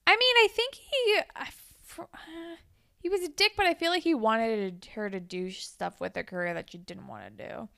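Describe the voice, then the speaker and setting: A young woman casually recapping a show, animated and full of "like", acting out lines as she goes. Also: fairly high pitch, moderate pace, creaky. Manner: animated, lots of "like", acts out quotes.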